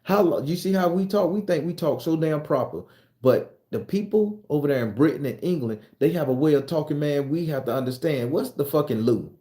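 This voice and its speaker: A man's voice: fairly high pitch, expressive, brisk, mellow. A man from the United States ranting bluntly and profanely in a casual monologue, working himself up as he goes. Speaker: commentator.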